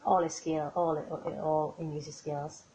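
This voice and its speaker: A woman with a Spanish accent, an English learner speaking haltingly with many fillers in a recorded voice message. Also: deep voice, level tone, mellow. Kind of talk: recorded practice answer. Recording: dull lo-fi voice message with faint background noise.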